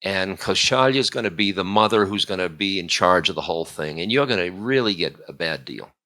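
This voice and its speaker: A man's voice: low voice, animated, brisk, sharp tone. A man voicing a bitter, scheming woman servant in a told story, speaking urgently. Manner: urgent, insistent.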